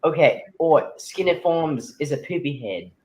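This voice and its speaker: A man's voice: fairly high pitch, lively intonation, unhurried, a little mellow, voice pushed up, rough recording. A young man putting on a playful fake Australian accent for a livestream bit. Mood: hammy. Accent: mock Australian.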